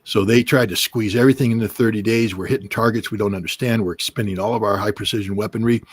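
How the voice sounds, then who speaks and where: Husky middle-aged guy ranting about politics on a stream, dry close mic. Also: fairly low pitch, steady tone, fast, no echo. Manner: emphatic, mimics officials in quoted asides. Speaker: livestream guest commentator. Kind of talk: animated political commentary.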